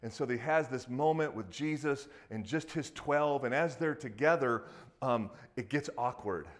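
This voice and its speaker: A man preaching a sermon to a congregation, speaking casually and acting out quoted voices with lively emphasis. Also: mid-range voice, normal speed. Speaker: pastor.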